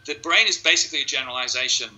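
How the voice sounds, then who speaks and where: Rapid-fire and pushed, with a bright, medium-pitched voice, a hypnotist explains his method step by step in a casual interview, imitating clients' inner thoughts. The audio is poor.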